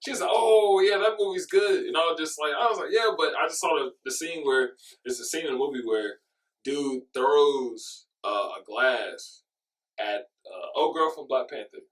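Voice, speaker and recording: A man's voice: medium pitch, normal speed, fairly bright tone, recorded from a distance, low-quality recording. A young man chatting casually as a podcast co-host, telling a rambling story with frequent restarts, laughs and swearing. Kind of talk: casual chat.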